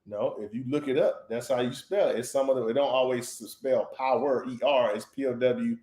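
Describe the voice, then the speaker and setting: A man co-hosting a live stream, joking in a dry, low-key way in casual chat. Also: fairly even intonation, moderate pace, warm tone. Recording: roomy echo.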